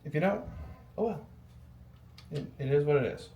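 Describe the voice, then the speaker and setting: A man's voice: fairly high pitch, animated, moderate pace, warm tone, highs cut off. A young adult man rambling casually while building a PC, with lots of ums and the odd swear word. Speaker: PC builder vlogger. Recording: echoey room with faint ambience.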